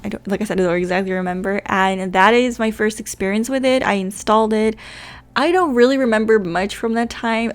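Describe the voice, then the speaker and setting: A young woman whose first language is Dutch, chatting casually as a gaming YouTuber, rambling and self-deprecating. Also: mid-range voice. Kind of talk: casual chat.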